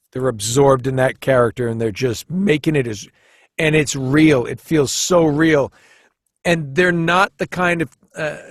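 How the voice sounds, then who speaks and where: A man chatting as a podcast guest, telling stories in an animated, rambling way with many restarts, often jumping into quoted voices. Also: medium pitch, dry recording, studio quality. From United States. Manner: animated storyteller who jumps into quoted voices. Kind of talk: casual storytelling chat.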